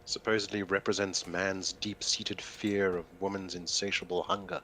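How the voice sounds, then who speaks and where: A man's voice: sits low, normal speed, gravelly, pushed and bright, a little hiss or hum, poor audio. A man making dry, wry remarks in casual chat with friends.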